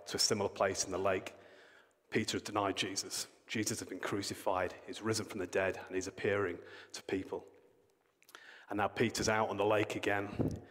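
Guy preaching a sermon, lowish voice, kind of chatty storytelling, long echo like a big church hall. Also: a bit bright. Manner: storytelling, plain conversational preaching. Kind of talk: sermon with Bible reading and prayer.

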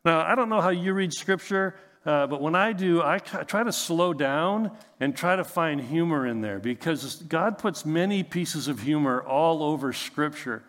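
A male pastor preaching in a relaxed, joking way, firing off rhetorical questions. His voice sits a little high for a man. A long reverb from a large church hall trails after his words. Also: moderate pace, few pauses. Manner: conversational, humorous, asks rhetorical questions. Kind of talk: sermon.

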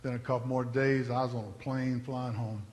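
A man's voice: medium pitch, little pitch movement, normal speed, darkish tone, long reverb tail. A man telling his testimony from the pulpit in an earnest, conversational storytelling manner. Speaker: preacher giving his testimony.

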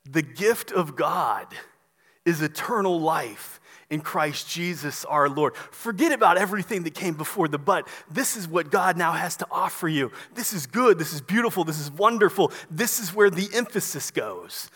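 A male pastor delivers an emphatic sermon in a notably high voice. He repeats phrases for weight and lets key words sink to near silence. His words hang in the long reverb of a large church hall. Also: lively intonation, moderate pace, a bit bright, breathy edge.

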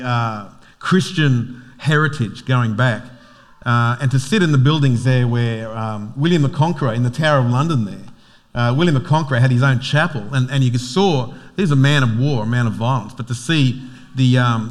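Chatty Australian pastor, joking and rambling. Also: male voice, medium pitch. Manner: chatty, joking, many fillers and restarts. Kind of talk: casual sermon.

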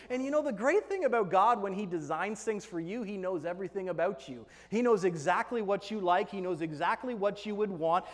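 A male pastor delivers an emphatic sermon in a high-pitched voice. He drops to hushed tones and rises to loud, stressed lines. His voice rings with the long reverb of a big hall. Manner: emphatic, swings between hushed and loud passages.

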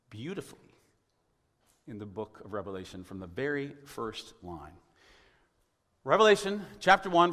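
A man pastor giving a sermon in a church, wry and conversational, often clearing his throat. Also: medium pitch, fairly bright tone. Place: church sanctuary. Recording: long hall reverb.

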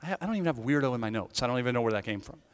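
A man giving a sermon testimony, telling his story with lively acted-out asides. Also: medium pitch, very fast, clean tone. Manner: animated storytelling, acting out his younger self. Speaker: pastor. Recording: long hall reverb.

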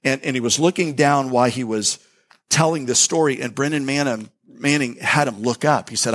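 A man preaching a sermon as a pastor, telling a story earnestly with many restarts, then slowing into a hushed prayer. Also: medium pitch.

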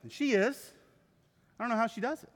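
A man preaching a sermon to his church, with animated storytelling. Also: very high voice, fairly quick. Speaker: pastor. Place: church sanctuary. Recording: reverberant hall.

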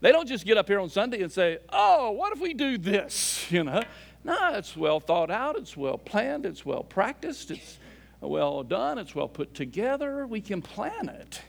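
A man preaching a sermon as a pastor, swinging between loud emphatic lines and soft, low asides. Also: creaky. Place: church sanctuary.

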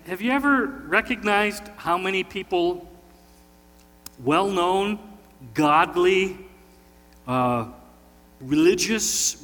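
A man preaching from the pulpit with a bright, forward voice set a little higher than most men's, talking with the congregation and drawing them in with questions. His words ring out into a big church hall with a long trailing echo. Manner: conversational, folksy, asks the congregation questions. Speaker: pastor. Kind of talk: sermon with opening prayer. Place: church sanctuary.

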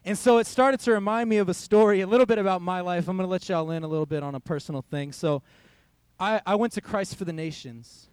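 A man's voice: high-pitched, quick pace, clean tone. A young man, a youth pastor, giving a conversational sermon in a church hall, telling a personal story and quoting his own thoughts.

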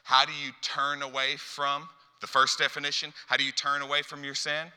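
A man's voice: fairly high pitch, level tone, a little fast, sharp tone, clean tone. A man preaching a sermon as a pastor, telling stories and acting out dialogue with lots of repeated phrases. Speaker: youth pastor. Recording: long hall reverb.

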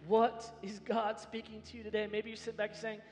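A man preaching a sermon as pastor, swinging from hushed lines to shouted emphasis in a large church hall. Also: high voice, completely flat delivery, fairly quick, slight background noise. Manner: dramatic swings from soft to shouting. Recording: long hall reverb.

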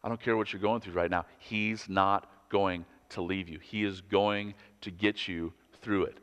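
A man's voice: on the low side, fairly even intonation, measured pace, fairly bright tone, clear, resonant tone. A man in his thirties, a pastor delivering an earnest, conversational sermon full of personal stories. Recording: long hall reverb.

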